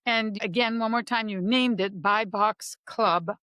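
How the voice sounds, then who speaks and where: A woman co-hosting a podcast, chatting lively and spelling things out in a teacherly way. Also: mid-range voice, unhurried, smooth, no echo, studio quality. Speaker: podcast co-host. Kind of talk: casual interview chat.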